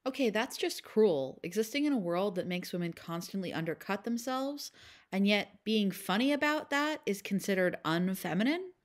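A woman's voice: medium pitch, animated, moderate pace. A young woman hosting an educational commentary, blunt with sarcastic asides. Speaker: channel host.

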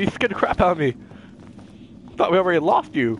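A young man giving excitable, jokey commentary while playing a video game. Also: sits high, a little fast, dull audio, a little hiss or hum. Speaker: gaming YouTuber. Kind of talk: casual gameplay commentary.

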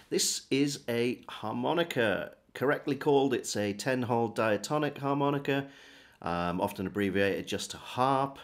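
Man, lowish voice, friendly harmonica teacher talking through basics. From England. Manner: friendly, relaxed step-by-step demonstrating. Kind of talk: casual video lesson.

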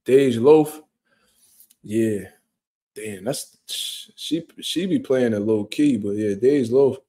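Laid-back profane man with a mellow voice. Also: mid-range voice, slow pace, slightly rough. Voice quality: profane, laid-back slang-heavy talk. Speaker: livestream host. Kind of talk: casual livestream chat reading comments. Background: quiet room at home.

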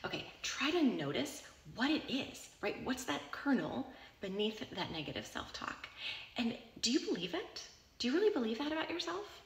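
Gravelly-voiced woman giving reassuring advice. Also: a little high, very animated, normal speed, echoey room. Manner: warm reassuring, often checks in with "right?" and "okay?". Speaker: self-help author answering a listener question. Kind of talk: casual advice talk.

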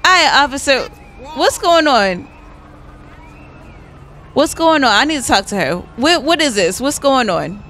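Young woman, gameplay commentator: bright tone, very expressive pitch, chatty and animated. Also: measured pace, long pauses, slight background noise. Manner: animated, chatty, exclaims and laughs to viewers. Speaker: gaming YouTuber.

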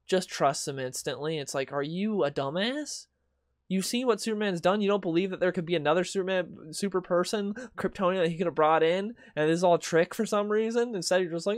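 A young man rants in a casual, sarcastic way, slipping into mocking quoted voices now and then. His voice sits a bit high for a man. The recording is dry and close, with no room sound. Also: a little fast, no room sound. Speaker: comic book video host. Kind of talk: casual opinion commentary.

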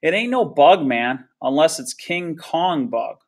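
A joking teenage sidekick from a novel, quick with a tease and a deadpan one-liner, read by a man. The voice sits slightly above the reader's usual pitch. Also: heavily acted. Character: wisecracking teenage boy, the hero's buddy.

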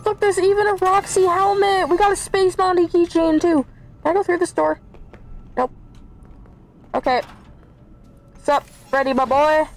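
A woman's voice: very high voice, steady tone, normal speed, pauses often, faint music behind, poor audio. A woman streaming a horror game, chatting to viewers and easily scared as she plays. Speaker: gaming YouTuber. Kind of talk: let's play commentary.

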